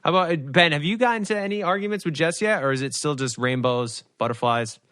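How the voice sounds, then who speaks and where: A man's voice: fairly high pitch, quick pace, a bit bright. A man chatting casually on a video call, asking questions and laughing at himself. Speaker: podcast guest.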